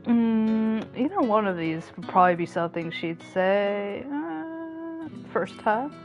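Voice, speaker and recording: A woman's voice: on the high side, lively intonation, slow, lo-fi sound, soft background music. A woman streamer giving casual, profane gameplay commentary and acting out the characters' reactions as jokes.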